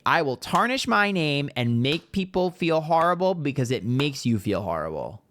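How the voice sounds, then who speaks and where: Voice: medium pitch, big pitch swings, moderate pace, hardly any pauses, fairly bright tone. Profane, heated tarot-reading vlogger. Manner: talks straight to viewers. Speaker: tarot reader. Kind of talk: casual ranting vlog.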